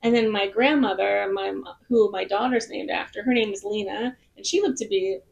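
A woman's voice: mid-range voice, steady tone, brisk, creaky. A woman singer-songwriter as a podcast guest, telling stories in a bubbly, rambling way. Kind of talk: casual podcast chat. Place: in Nashville.

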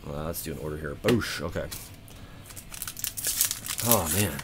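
A man hosting his own channel, opening card packs with excited, casual commentary, counting aloud and swearing freely. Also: very deep voice, measured pace, background noise. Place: home room.

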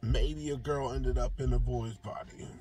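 Earnest young man, mellow low voice. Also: unhurried, soft background music, low-quality recording. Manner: earnest, rambling, heartfelt; drawls softly when relaxed, livelier when engaged. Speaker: vlogger. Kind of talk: casual faith talk to camera.

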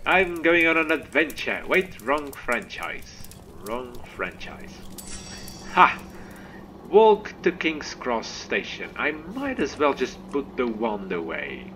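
A man giving chatty, excitable gameplay commentary as a let's play host, humming little tunes to himself as he goes. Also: medium pitch, slow, a little hiss or hum.

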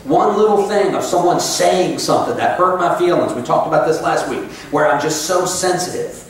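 Man preaching in an echoey church. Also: on the high side. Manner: conversational and sarcastic, reads scripture slowly. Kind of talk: sermon. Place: church sanctuary. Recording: echoey church sanctuary, mic at a distance.

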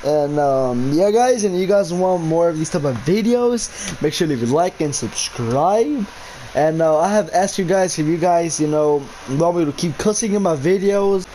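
A young man narrates his run through a horror game for his viewers in loose slang. His voice sits a bit high and swings widely in pitch, and he curses and yelps constantly when scared. A faint hum of noise sits under the recording. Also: moderate pace, rough recording. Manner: excitable, swears constantly, shrieks when scared; casual slang, addresses viewers as bro and guys. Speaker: gaming YouTuber. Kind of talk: horror game let's-play commentary.

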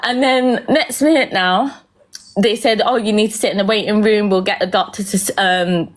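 A young woman telling a painful personal story, close to tears, rambling and often checking in with "yeah?". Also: lowish voice.

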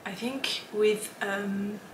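A woman's voice: mid-range voice, fairly even intonation, very slow, reverberant. Woman podcast host, casual chat, giggly and rambling, mid-range voice, faint background hiss. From lives in Switzerland. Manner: chatty and giggly, with frequent ums and laughs.

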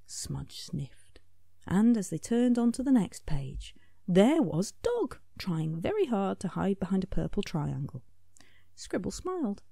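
Expressive woman reading aloud. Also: mid-range voice, a little slow, vocal fry, no echo, clean studio sound. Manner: expressive, soft drop-offs into whisper. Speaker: author reading her picture book. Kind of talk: storybook read-aloud.

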